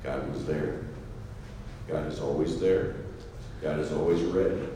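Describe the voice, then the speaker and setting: A man preaching a sermon, dropping to a hush for scripture quotes and rising loud for emphatic asides. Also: very deep voice, steady tone, unhurried, gravelly, pauses often, slight background noise. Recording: echoey hall with faint ambience.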